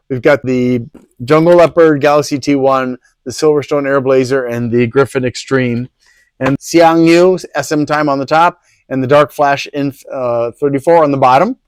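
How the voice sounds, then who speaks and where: A man's voice: medium pitch, moderate pace, smooth, dry recording. A man hosting a PC hardware review channel, talking casually with rambling, sarcastic asides. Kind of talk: casual product review talk.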